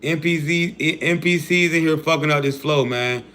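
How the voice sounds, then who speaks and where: A man's voice: a little high, moderate pace, pushed and bright. Preachy, profane man ranting to his stream. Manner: preachy, profane, hype talk with slang. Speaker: livestream host. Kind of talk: casual livestream rant.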